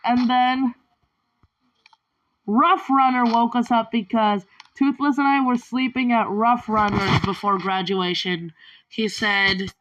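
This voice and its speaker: A woman's voice: mid-range voice, a bit bright, dull audio. A woman telling a rambling personal story in a vlog, chaining each event with "and then". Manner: strings events together with repeated "and then". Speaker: vlogger.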